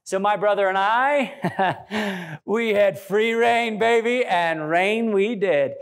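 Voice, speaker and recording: A man pastor delivering a sermon in a church, animated and joking, acting out quotes. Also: high voice, takes it slowly. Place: church sanctuary.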